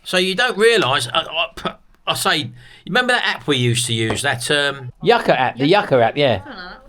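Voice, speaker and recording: A man's voice: a little high, very animated, moderate pace, sharp tone. A middle-aged British man hosting a vlog, chatting casually and rambling to his viewers, whom he calls folks. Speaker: vlog host. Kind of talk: casual chat to camera.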